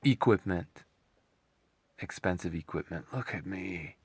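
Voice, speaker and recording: A man's voice: sits low, measured pace, darkish tone, husky, no echo. A man putting on a sneering parody of a smug, self-righteous male vegan who brags about being ethical.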